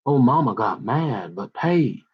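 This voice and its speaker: A man's voice: medium pitch, big pitch swings, unhurried, breathy edge, muffled recording. A man telling a rambling, joking monologue in folksy slang, with many restarts and asides. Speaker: vlogger.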